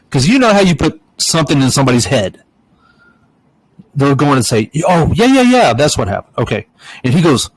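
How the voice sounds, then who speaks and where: A man's voice: mid-range voice, sing-song, moderate pace, low-quality recording. A middle-aged man co-hosting a podcast, telling a ghost story in a rambling, casual way, with a stuffed-up nose. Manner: rambling storyteller, acts out voices and giggles. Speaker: podcast co-host.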